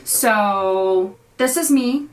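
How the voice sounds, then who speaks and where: A young woman hosting a casual reaction video, talking in quick, animated and exasperated asides. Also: mid-range voice, low-quality recording. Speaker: host reacting to her own clips.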